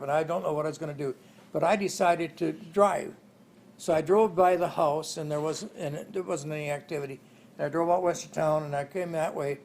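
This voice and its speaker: A man's voice: on the high side, gravelly, a little mellow, slight background noise. An older man in an interview, telling rambling family stories and chuckling along the way. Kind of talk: oral history storytelling.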